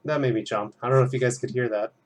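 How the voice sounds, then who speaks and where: A man's voice: medium pitch, steady tone, racing, very noisy. A young man chatting casually and rambling as he works on a drawing at home, swearing freely. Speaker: art student drawing on stream. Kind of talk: casual commentary while drawing.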